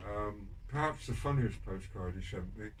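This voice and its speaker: A man's voice: fairly low pitch, moderate pace. An older man tells prison stories in a loose, rambling way, full of ums and false starts, with a dry wit. He sits back from the mic, and a faint hiss of room noise runs under his voice. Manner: rambling, many ums and restarts, dry wry humor. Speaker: podcast guest telling prison stories. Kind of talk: casual storytelling interview. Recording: distant mic with background noise.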